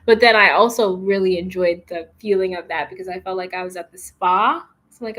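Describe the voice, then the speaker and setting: A woman's voice: on the low side, a little fast, hardly any pauses, fairly bright tone. A woman vlogging casually, chatting with plenty of fillers and acting out what people said. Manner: chatty, lots of fillers and likes, acts out quotes. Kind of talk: casual storytime chat. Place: apartment in a large city.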